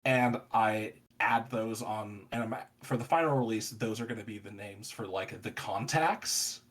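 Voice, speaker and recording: A man's voice: fairly low pitch, unhurried, fairly bright tone. A man running a tabletop game, chatting casually afterward and rambling with lots of fillers. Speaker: game master. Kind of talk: casual post-game chat.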